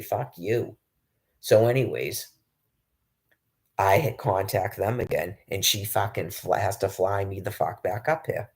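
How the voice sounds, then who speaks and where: Gravelly low-voiced man ranting profanely. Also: expressive, measured pace. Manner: profane, agitated, rambling with frequent restarts. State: homeless. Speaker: public access show guest. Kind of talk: rambling monologue.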